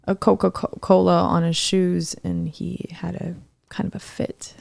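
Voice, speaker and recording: A woman's voice: on the low side, unhurried, creaky. A middle-aged woman co-hosting a casual podcast chat, telling stories with lots of laughter and acting out what people said. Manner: animated storyteller, acts out quotes, laughs often. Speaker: podcast co-host.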